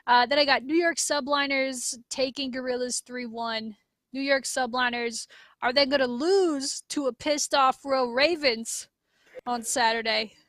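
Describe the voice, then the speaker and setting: A woman hosting a podcast, upbeat and chatty with quick asides. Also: high-pitched, steady tone, a bit bright, no room sound. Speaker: podcast host. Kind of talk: casual podcast chat.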